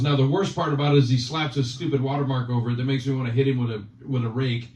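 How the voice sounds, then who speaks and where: A man's voice: fairly high pitch, darkish tone. A man hosting a casual chat, teasing his guest in joking banter. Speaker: channel host. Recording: roomy, distant, dull sound.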